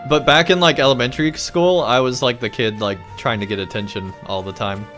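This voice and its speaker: A young man streaming a video game live, excitable and laughing often, saying "like" a lot. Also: medium pitch, brisk, soft background music. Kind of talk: live gameplay commentary.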